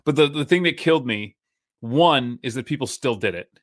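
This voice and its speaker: A man's voice: medium pitch, expressive, moderate pace, a bit bright, no echo, clean studio sound. A man co-hosting a podcast in casual chat, agreeable and chatty, leaning on "like" a lot.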